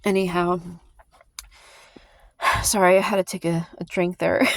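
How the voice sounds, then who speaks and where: A woman talks straight to her viewers in a heated, emphatic vlog rant. She sighs, trips over her words and restarts, with her voice at a medium pitch. The sound is dry and close, with no room echo. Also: animated, a little slow, long pauses. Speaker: vlogger. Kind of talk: impassioned casual commentary to camera.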